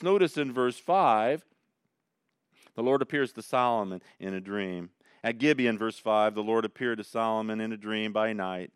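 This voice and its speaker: A man preaching a sermon in a conversational way, swinging between loud emphasis and quiet asides. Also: fairly low pitch, moderate pace, smooth, dry recording, clean studio sound. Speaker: pastor.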